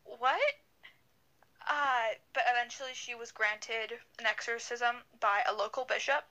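Young woman podcast co-host, bright and a bit high, chatty and rambling, on a video call. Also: fairly even intonation, moderate pace, poor audio. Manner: rambling, many fillers and restarts. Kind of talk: casual storytelling chat.

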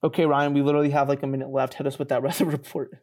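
A young man telling a story on a laid-back podcast, in a voice of middle pitch. He talks in an animated, self-mocking way. He laughs often and his voice leaps higher when he gets excited. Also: racing. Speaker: podcast co-host. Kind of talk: casual storytelling chat.

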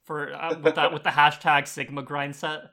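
A man's voice: on the high side, level tone, moderate pace, crowd noise. A man co-hosting a podcast in casual chat, dropping wry joking asides. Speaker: podcast co-host.

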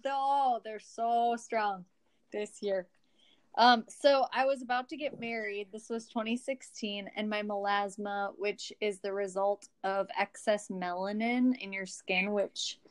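A woman with a Minnesota accent, chatting as a podcast guest at a middle pitch. She explains things at length in a loose, talkative way. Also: steady tone, unhurried, smooth. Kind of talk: casual chat.

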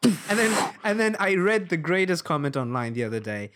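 A man's voice: high-pitched, sing-song, moderate pace, a bit bright. A man co-hosting a podcast in casual banter, easygoing, laughing often and trailing off mid-sentence. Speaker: podcast co-host.

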